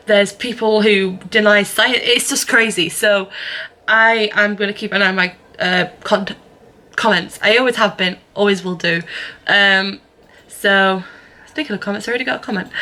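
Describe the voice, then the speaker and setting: A woman's voice: medium pitch, pushed and bright. A young woman vlogging in a casual, rambling way, full of fillers and restarts. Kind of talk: casual vlog chat.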